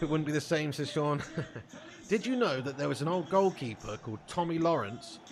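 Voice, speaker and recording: A man's voice: fairly high pitch, a bit bright, a little hiss or hum. A man live-streaming a football game, bantering casually with his chat, reading out comments and swearing freely.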